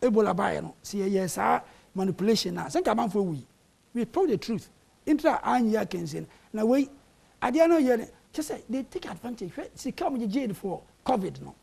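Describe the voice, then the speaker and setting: Panelist, raspy with gravelly edges, argumentative and insistent. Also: mid-range voice, big pitch swings, quick pace, darkish tone. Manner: argumentative, mixing Twi and English. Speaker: panel guest. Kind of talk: heated political debate. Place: television studio.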